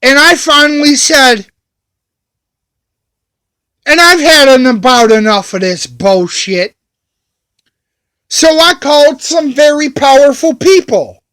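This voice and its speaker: Brief: high-pitched man, slow delivery, indignant repetitive rant straight to camera. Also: expressive, sharp tone. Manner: repetitive, indignant, repeats phrases again and again. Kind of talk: angry ranting monologue.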